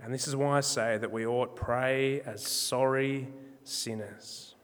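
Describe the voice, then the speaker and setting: A man preaching a sermon in a measured, emphatic way, slowing down on key words. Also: medium pitch, fairly even intonation, long reverb tail. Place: church.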